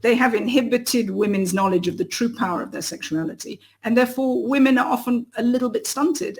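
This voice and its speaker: A woman novelist appearing as a podcast guest, arguing provocatively in casual chat, with many restarts. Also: fairly high pitch. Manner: forceful, provocative, with repeated restarts. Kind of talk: casual conversational interview.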